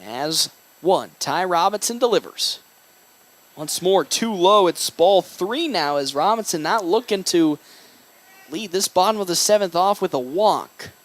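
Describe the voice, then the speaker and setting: A young man doing baseball play-by-play with a high, lively voice that leaps on big plays. He reads sponsor names quickly between pitches. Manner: excitable, rising on big plays. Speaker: play-by-play announcer.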